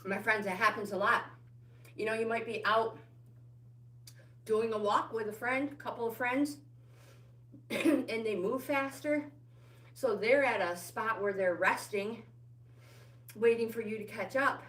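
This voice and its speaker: Slow-talking middle-aged woman coaching a workout. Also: fairly high pitch, fairly even intonation, a bit bright. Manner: chatty and encouraging, calls out viewer names. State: slightly out of breath. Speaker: fitness livestream host. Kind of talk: live walking workout coaching. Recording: roomy indoor echo.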